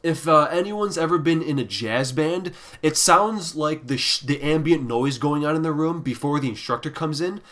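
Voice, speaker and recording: A man reviewing albums in a casual ranking video, ranting bluntly and with heavy swearing, sometimes sinking into quiet, deflated muttering. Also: fairly high pitch, animated, normal speed, few pauses. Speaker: music reviewer.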